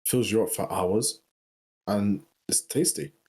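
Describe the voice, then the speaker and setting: British male guest, deep and a bit husky, relaxed casual chat. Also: takes it slowly. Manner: laid-back, rambling, with many fillers. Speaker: podcast guest.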